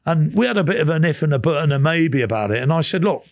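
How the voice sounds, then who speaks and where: A man's voice: a little high, expressive, fast. Rambling English man telling stories. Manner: rambling anecdotes, many quoted exchanges, frequent restarts. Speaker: podcast guest. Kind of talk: casual storytelling interview.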